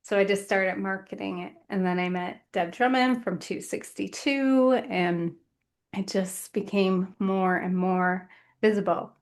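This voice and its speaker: Earnest woman author telling her story. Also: medium pitch. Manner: earnest, measured, speaks in short phrases. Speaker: guest author. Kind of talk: reflective podcast conversation.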